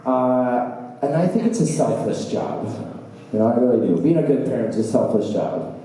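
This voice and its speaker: A man's voice: medium pitch, expressive, mellow. Rambling stand-up man in an echoey bar. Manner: halting, meandering delivery with fillers and trailing asides. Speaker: open mic comedian. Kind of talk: stand-up comedy set. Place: small bar open mic stage, indoors. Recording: echoey bar from a distant camera with faint room noise.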